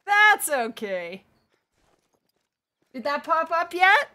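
A woman's voice: extremely high pitch, sing-song, extremely slow, pushed and bright. A woman streaming a hunting game live, chatting casually and thanking viewers by name.

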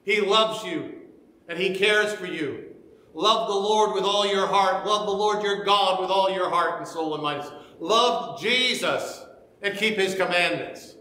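A man's voice: high voice, pushed and bright, reverberant, in a large hall, rough recording. A man preaching a sermon as pastor, earnestly retelling scripture and urging his listeners.

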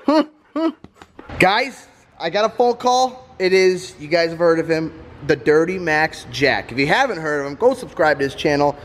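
A man's voice: a little high, expressive, normal speed, fairly bright tone, a little hiss or hum. A man chatting casually to viewers in a vlog, teasing and laughing often. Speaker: vlogger.

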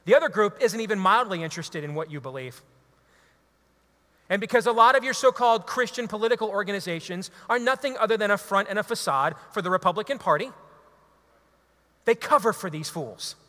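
A man, a radio talk show host, giving an impassioned, preachy talk to a live audience. He is emphatic and builds to loud exhortations. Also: sits high, expressive, a little fast. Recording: long hall reverb.

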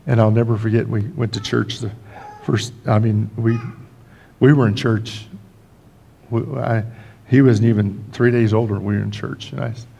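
Gravelly older pastor telling a homey story. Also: male voice, lowish voice, fairly even intonation, moderate pace, warm tone. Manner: folksy, joking asides, frequent restarts. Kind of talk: storytelling sermon. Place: church sanctuary.

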